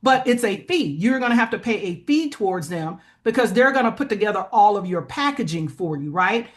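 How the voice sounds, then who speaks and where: A woman's voice: mid-range voice, animated, a little fast. Woman explaining funding in plain terms. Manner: explanatory, plain-spoken, frequent "right?" checks. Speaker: guest, funding expert. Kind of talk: conversational interview.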